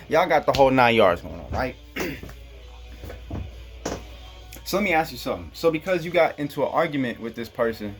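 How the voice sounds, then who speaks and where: A Kansas vlogger with a Black American English accent rambles through a profane, casual monologue and chuckles at his own jokes. His voice sits on the high side, sing-song and brisk, with long pauses. Faint music plays behind him.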